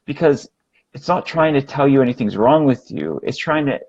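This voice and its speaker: A man's voice: medium pitch, normal speed, dull audio. A man hosting a podcast, talking casually and acting out little quoted thoughts. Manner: animated, acts out quoted thoughts. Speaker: podcast host.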